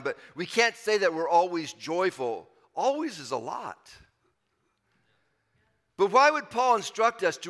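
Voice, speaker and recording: A man's voice: on the high side, pushed and bright, in a large hall. A man preaching a sermon in an earnest, conversational way, repeating phrases and building to emphatic swells. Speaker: pastor.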